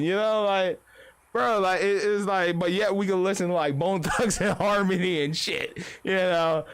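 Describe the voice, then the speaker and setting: A young man streaming live, talking in a loose, profanity-laced rant that wanders from point to point. His voice sits high for a man and swings widely up and down as he acts out what other people say.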